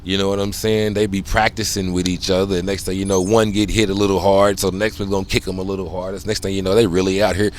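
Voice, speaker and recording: A man's voice: sits low, level tone, fast, few pauses, slight background noise. A middle-aged man hosting a casual monologue, loose and conversational, swearing often and checking in with "you know what I'm saying.". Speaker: podcast host.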